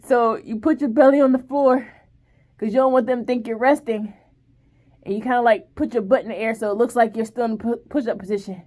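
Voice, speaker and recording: Woman, 30s, higher voice, lively vlog storyteller, a little breathless. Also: moderate pace, long pauses. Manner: animated, acts out drill commands and groans. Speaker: vlogger.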